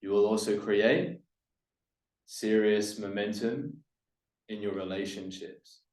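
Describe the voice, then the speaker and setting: A man's voice: on the low side, slow pace, darkish tone. Emphatic male business coach, echoey room. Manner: emphatic, demonstrates upward and downward inflection, drops voice on key points. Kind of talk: coaching presentation to camera.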